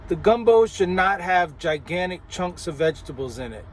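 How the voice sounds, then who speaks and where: A truck driver from New Orleans with a New Orleans accent, chatting casually to camera in a vlog and laughing often. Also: male voice, sits high, lively intonation, moderate pace, a little hiss or hum. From New Orleans, Louisiana.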